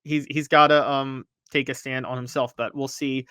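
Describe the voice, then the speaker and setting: Bright, dry-sounding man talking sports. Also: mid-range voice, level tone, normal speed, smooth, no echo. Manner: opinionated, talks straight to viewers and chat. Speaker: sports podcast host. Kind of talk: casual sports commentary.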